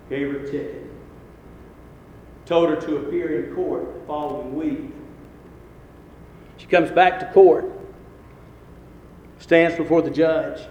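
Male preacher, high-pitched for a man, storytelling quietly then hammering key words, in a big reverberant sanctuary. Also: a little hiss or hum. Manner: swells from quiet storytelling to emphatic, slowed scripture emphasis. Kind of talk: sermon. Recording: echoey hall with long reverb.

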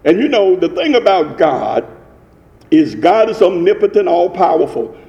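Slow, animated preacher in a reverberant hall. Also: male voice, high-pitched, vocal fry. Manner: emphatic, preaching in rising cadences and repetitions. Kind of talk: sermon.

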